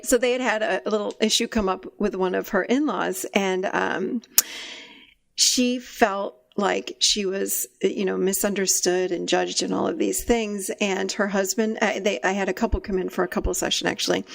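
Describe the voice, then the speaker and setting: A middle-aged woman hosting a podcast, telling stories in a lively way and laughing often, in a casual conversation. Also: medium pitch, normal speed, gravelly. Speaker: podcast host and therapist.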